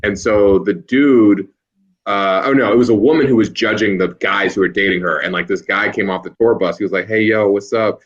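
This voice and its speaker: Laughing man telling stories, low voice. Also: a little fast, lo-fi sound. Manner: animated storyteller, laughs often. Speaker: podcast co-host. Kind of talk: casual chat.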